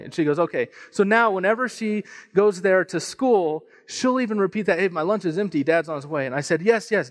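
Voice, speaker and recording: A man in his thirties preaching a sermon, telling a personal family story in an animated way, often restarting and repeating phrases. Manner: storytelling, animated, rises in pitch and volume at emotional peaks. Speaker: pastor.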